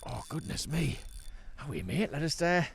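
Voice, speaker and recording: Fishing from a sea kayak, a man with a North East English accent chats excitedly to the camera, laughing a lot and even talking to the fish. His voice runs on the high side with a creaky, breathy edge, at a moderate pace.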